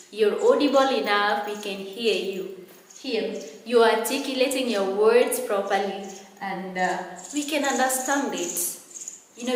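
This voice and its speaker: Woman, Kenyan accent, English teacher, very slow, deliberate, reverberant classroom. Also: mid-range voice. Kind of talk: classroom lecture. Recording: echoey classroom with long reverb.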